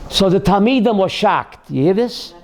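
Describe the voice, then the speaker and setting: A rabbi hosting a call-in show tells a dramatic story in a high, emphatic voice. He repeats his key phrases again and again, with his pace surging and slowing. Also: lively intonation. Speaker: rabbi and radio host.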